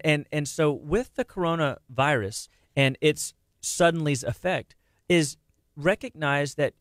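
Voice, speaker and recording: Animated man on a radio health show. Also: on the high side, dry recording, studio quality. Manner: animated, talks fast with many restarts and repeated words. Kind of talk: casual radio health talk.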